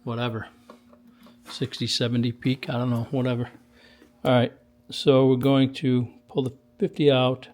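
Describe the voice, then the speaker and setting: A man's voice: medium pitch, level tone, normal speed, darkish tone. A man in a radio workshop giving casual commentary to a camera while testing and tuning a radio, in a folksy, chatty way. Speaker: CB radio technician.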